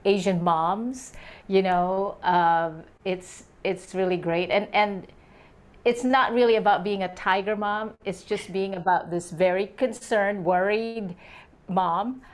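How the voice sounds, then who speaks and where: An older woman, an actress, speaking in a casual interview, unhurried and quick to laugh. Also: mid-range voice, fairly even intonation.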